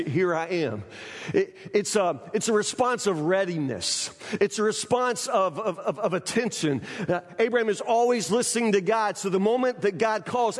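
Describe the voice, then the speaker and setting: Preacher, high voice, hall echo. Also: male voice. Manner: emphatic, repeats phrases, often asks the congregation "you understand?". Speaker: pastor. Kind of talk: sermon. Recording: church hall reverb.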